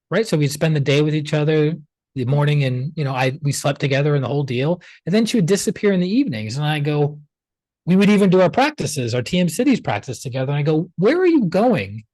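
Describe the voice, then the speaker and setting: A man's voice: a little high, animated, brisk, a little mellow, no room sound. A man in his forties, a guest in an interview, telling a personal story in a casual way and acting out past conversations.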